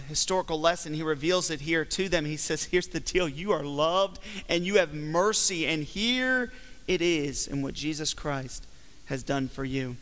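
Pastor guy preaching, kinda high voice, big echo of a church hall, leans hard on words. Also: fairly bright tone. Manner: emphatic preaching with slow, stretched phrases. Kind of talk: sermon. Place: church sanctuary. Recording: long hall reverb from a church.

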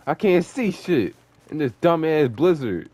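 A young man commentating his online gameplay, taunting and cursing at opponents in an excitable, profane way. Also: on the high side, unhurried. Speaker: gamer streaming online play. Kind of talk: trash-talking gameplay commentary.

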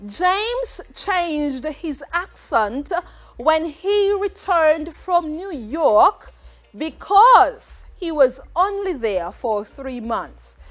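A woman's voice: high-pitched, sing-song, extremely slow, fairly bright tone, faint music behind, heavily acted. A woman teacher putting on a foreign accent to read exam options aloud, drawn out and emphatic. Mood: playful.

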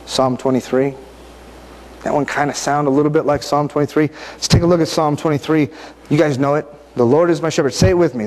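A man's voice: on the high side, fairly even intonation, a little fast, darkish tone. A man giving a conversational sermon, often asking his listeners questions and reading scripture aloud. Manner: conversational, asks the audience questions. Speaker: preacher.

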